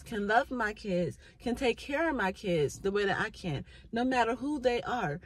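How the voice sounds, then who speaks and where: A woman's voice: on the high side, animated, normal speed, hardly any pauses, a little hiss or hum, low-quality recording. Earnest woman preaching to camera. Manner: earnest, preachy faith talk. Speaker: mother sharing faith thoughts. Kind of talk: casual spoken reflection.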